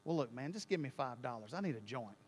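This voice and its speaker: A man voicing a rough young man from the street, low and subdued in his speech. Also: lively intonation, fast talker, long reverb tail. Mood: pleading.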